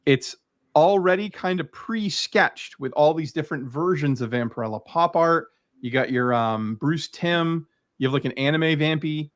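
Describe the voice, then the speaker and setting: A man's voice: a little high, lively intonation, normal speed. A man chatting casually and eagerly about his collection as a guest creator, rambling with lots of fillers. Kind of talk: casual video chat.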